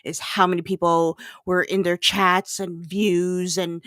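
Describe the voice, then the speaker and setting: A woman's voice: fairly low pitch, little pitch movement, measured pace, fairly bright tone, smooth, no room sound, clean studio sound. A woman talking bluntly and emphatically as a guest on a casual livestream chat, swearing freely and rambling with restarts.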